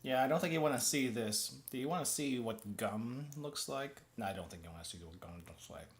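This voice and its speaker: A male VTuber from the US rambles through a casual snack-tasting stream, chewing gum as he talks and frequently restarting and correcting his phrases. His medium-pitched voice is lively and a little fast, and there's a little hiss or hum on the audio.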